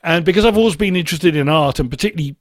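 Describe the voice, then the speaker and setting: A man with a high-pitched voice talks through his ideas in a casual interview. He is enthusiastic and thoughtful, and often circles back to restart a sentence. The sound is dry and close, with no room echo. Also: very fast. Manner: enthusiastic about music. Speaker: musician guest.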